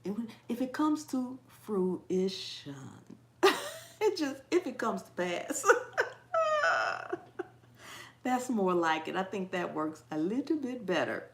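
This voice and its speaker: Slow, laughing woman hosting a live chat. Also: mid-range voice, sing-song, fairly bright tone, reverberant. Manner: laughs often at herself, chatty and playful; trips over words and repeats them. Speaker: cooking channel host. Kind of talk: casual live chat with viewers.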